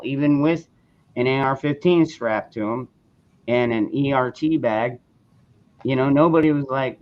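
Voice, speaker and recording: A man's voice: mid-range voice, moderate pace. A man hosting a casual live chat forum, talking bluntly and rambling, with frequent swearing. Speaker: host of a call-in forum. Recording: dull lo-fi sound.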